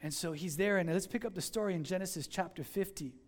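A male pastor giving a sermon, telling a story with lively voiced dialogue. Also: high-pitched, fast. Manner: animated storytelling, acting out dialogue.

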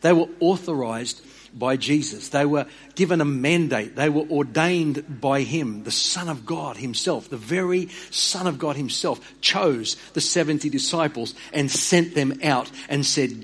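A man's voice: expressive, unhurried. A man preaching a sermon as pastor. He speaks earnestly, often stammers on his opening words and repeats phrases for emphasis. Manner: drops low and quiet on key words.

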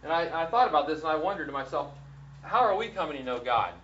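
A man's voice: fairly high pitch, very animated, quick pace, a bit bright. A man giving an earnest verse-by-verse Bible lesson, often restarting and repeating words. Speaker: Bible teacher. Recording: roomy, distant, dull lo-fi sound with faint hiss.

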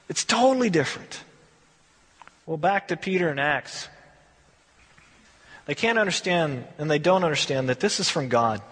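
A man's voice: high-pitched, fairly quick, fairly bright tone, breathy edge, big-room sound. A man preaching a sermon as a pastor, conversational and emphatic, asking rhetorical questions.

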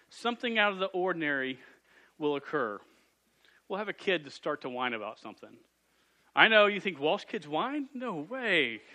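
A youth pastor with a bright, fairly high-pitched voice preaches to a youth group and their parents in a church youth room. He tells jokey, self-deprecating stories full of lively asides.

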